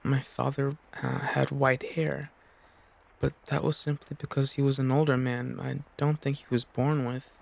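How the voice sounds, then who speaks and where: A man's voice: mid-range voice, flat delivery, measured pace, vocal fry. A man voicing a meek pale-haired servant girl who answers politely and hesitantly.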